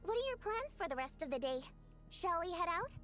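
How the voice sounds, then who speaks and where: A woman's voice: extremely high pitch, sing-song, a little fast, fairly bright tone, exaggerated voice. A woman voicing an earnest young female ally in a game, confiding her plans in long explanations. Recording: game voice over clear music.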